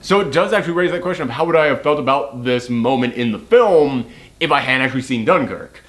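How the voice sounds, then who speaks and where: A man's voice: mid-range voice, lively intonation, fast talker, fairly bright tone. A man chatting casually as he reviews a film, rambling with lots of fillers.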